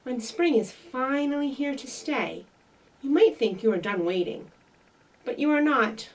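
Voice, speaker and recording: A woman librarian leading a children's story time, reading and singing in a bright, sing-song manner. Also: high-pitched, animated, measured pace, recorded from a distance, rough recording.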